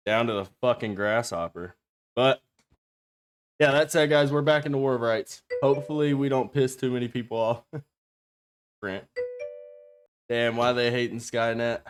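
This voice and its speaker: A man streaming from a home setup, chatting casually and profanely with his viewers in a rambling way. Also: on the low side. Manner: profane, rambling, talks straight to chat.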